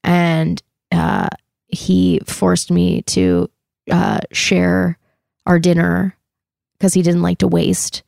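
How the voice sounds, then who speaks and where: A woman's voice: lowish voice, extremely slow, gravelly, darkish tone, dry recording, studio quality. A middle-aged woman from Canada, an actress chatting casually as an interview guest, swearing lightly, laughing often and acting out what people said.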